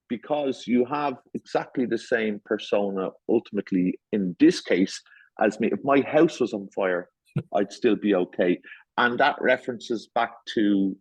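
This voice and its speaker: A middle-aged man hosting a casual podcast chat, telling stories playfully with lively retellings. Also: mid-range voice, moderate pace, breathy edge, no room sound. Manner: playful storyteller, animated retelling. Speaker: guest host. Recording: muffled lo-fi sound.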